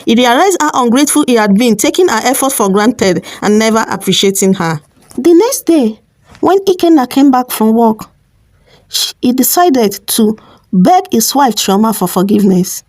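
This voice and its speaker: A woman narrating a family folktale as host of her storytelling channel, steady and plain, with small slips. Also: a little high, moderate pace, no room sound.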